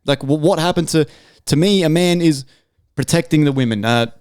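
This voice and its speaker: A man's voice: on the high side, moderate pace, darkish tone, clean tone, dry recording, clean studio sound. A man hosting a podcast, ranting in a casual, swear-heavy way with many restarts. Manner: swearing, rambling rant with restarts. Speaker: podcast host.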